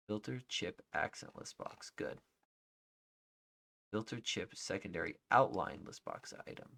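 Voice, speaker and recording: A man live-streaming his coding, reading out names as he checks them and thinking aloud, often trailing off into quiet murmurs. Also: sits low, gravelly. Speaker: livestreaming software developer. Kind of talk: casual live-coding commentary.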